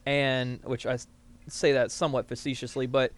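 A man's voice: mid-range voice, level tone, normal speed. A man from the American South, co-hosting a podcast in casual, rambling chat full of fillers. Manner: rambling, filler-heavy, laughs often. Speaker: podcast co-host.

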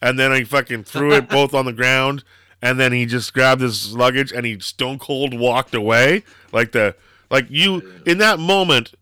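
A man's voice: mid-range voice, moderate pace, sharp tone, smooth, no echo, clean studio sound. A man co-hosting a podcast, chatting casually and telling rambling stories with lots of fillers and swearing. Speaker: podcast co-host. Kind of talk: casual chat.

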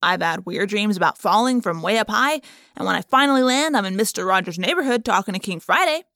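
A woman's voice: mid-range voice, expressive, fairly quick, fairly bright tone, no room sound, studio quality. A woman voicing a wisecracking, defensive teenage boy in a storybook reading. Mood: joking. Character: joking, defensive teen boy.

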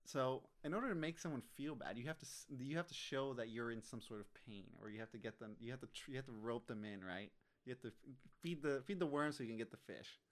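A man's voice: mid-range voice, quick pace. A man casually discussing a film, swearing now and then and theorizing about the characters.

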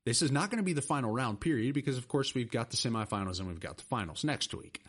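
A middle-aged man hosting a casual podcast chat, rambling and excitable. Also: mid-range voice, fast talker, husky. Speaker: podcast host.

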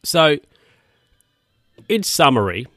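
A man's voice: a little high, sing-song, takes it slowly, pushed and bright, no room sound, clean studio sound, faint music behind. Rambling jokey man recapping a film. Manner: rambling, jokey, crude asides, many restarts. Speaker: film reviewer.

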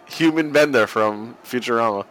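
A man's voice: medium pitch, a bit bright. A man co-hosting a podcast, calling a wrestling match in a crude, joking way and laughing often. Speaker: podcast co-host watching wrestling. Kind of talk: casual watch-along commentary.

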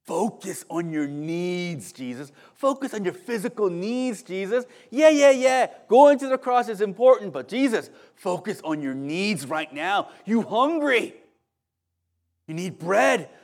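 Man putting on a sly tempting devil, coaxing, high and lively. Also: measured pace. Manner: coaxing, casual, repeats the listener's name.

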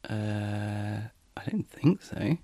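A middle-aged man co-hosting a podcast, talking in a soft, laid-back way while he tries out a smart speaker app. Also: fairly low pitch, animated, drawn-out words, no echo. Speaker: podcast co-host. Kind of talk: casual chat, demonstrating a smart speaker app.

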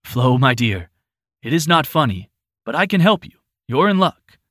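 A man voicing a gentle, knowing old father who reassures his daughter. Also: medium pitch, very animated, moderate pace, no echo, clean studio sound, pitched above the performer's own voice. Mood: reassuring.

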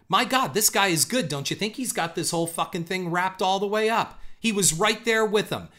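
In a high, pushed and bright voice, a man rants through a profane, sarcastic and scornful commentary at normal speed with hardly any pauses. He drives his points home with emphatic, punchy repetition.

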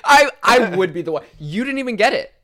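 A young man co-hosts a casual podcast, laughing often and making crude, self-mocking jokes. His voice sits a little high and swings widely in pitch. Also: big pitch swings, brisk, sharp tone. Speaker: podcast co-host. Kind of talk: casual chat.

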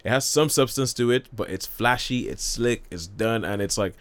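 A man's voice: mid-range voice, moderate pace, no echo. A man hosting a radio show, chatting casually about films and laughing often. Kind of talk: casual film chat.

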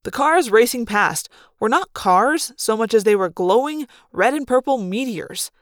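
A woman reads an audiobook in the first person, narrating with lively, dramatic flair. Her voice is fairly high and her pace measured, captured in clean studio sound with no echo.

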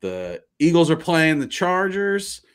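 A man's voice: fairly high pitch, smooth. A man hosting a sports podcast, chatting casually and reading the outro. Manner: lively, reads outro briskly. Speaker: podcast host.

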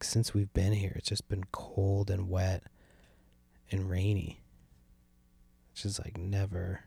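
A man's voice: deep voice, vocal fry, warm tone, breathy edge, dry recording. A young adult man hosting a casual solo podcast, rambling and complaining with lots of swearing and a sardonic edge. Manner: profane, rambling, meandering. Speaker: podcast host. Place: sitting at home by a window.

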